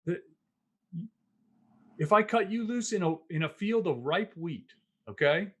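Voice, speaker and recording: Animated, laughing male podcast host. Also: sits high, measured pace, husky. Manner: animated, laughing, lots of "man" and "it's like". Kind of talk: casual conversation.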